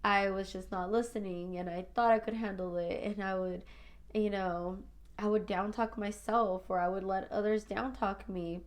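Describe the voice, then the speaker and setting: A woman talks alone into her podcast mic in a reflective, confessional way. Her voice sits at an ordinary middle pitch. She keeps saying "you know" and "like", and she calls her listeners "you guys" in a casual, heartfelt monologue. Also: fairly even intonation, normal speed. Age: adult mother of school-age children. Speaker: podcast host. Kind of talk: personal spiritual podcast monologue.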